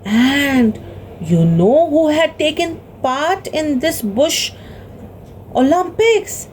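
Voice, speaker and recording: Slow, animated woman telling a children's story. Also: high voice, a little hiss or hum. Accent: Indian English. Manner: expressive, gasps, asks the children questions.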